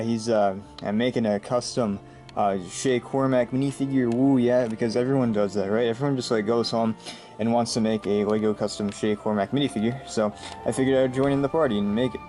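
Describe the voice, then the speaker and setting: A man's voice: medium pitch, a little mellow. Rambling, joking young man vlogger. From United States. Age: young adult. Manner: jokey, rambling, many fillers. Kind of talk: rambling casual vlog. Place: home room.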